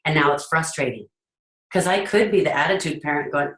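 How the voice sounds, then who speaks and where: Earnest woman coach with low voice. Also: fairly quick, fairly bright tone. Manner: earnest, acts out parents' voices. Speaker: host, leadership coach. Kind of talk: casual talk to an audience. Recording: echoey room.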